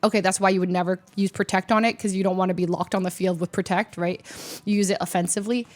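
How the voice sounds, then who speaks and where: A woman streamer casually telling her viewers a story, animated and self-mocking, full of "like" and quick asides. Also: medium pitch. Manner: animated, heavy use of "like", rapid asides; self-mocking, laughs often.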